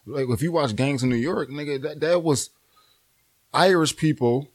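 A man's voice: on the high side, normal speed, darkish tone. A man who argues his points in an insistent, lecturing, profane way in casual chat.

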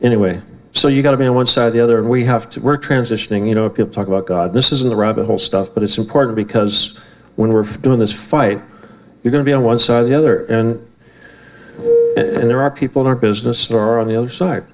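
Male speaker, mid pitch, loose and profane, working a live room. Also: steady tone, fast, darkish tone, rough recording. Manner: rambling, heated and profane. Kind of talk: talk to a live audience. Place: event room with an audience.

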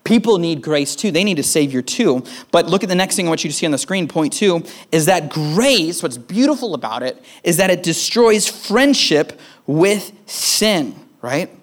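A young man preaching a conversational sermon as pastor, casual and relaxed, often tagging his points with "right?" and "man.". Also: fairly high pitch, normal speed.

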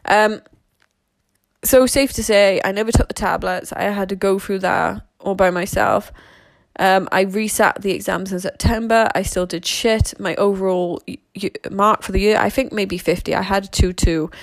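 A woman's voice: medium pitch, fairly even intonation, moderate pace, creaky, dry recording. A young woman tells her life story candidly and casually, rambling and swearing freely.

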